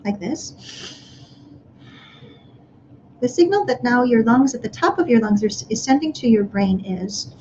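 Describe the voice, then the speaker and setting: A woman speaking to parents in a live online workshop, gently guiding them through breathing exercises. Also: on the high side, expressive, moderate pace, long pauses, highs cut off, a little hiss or hum.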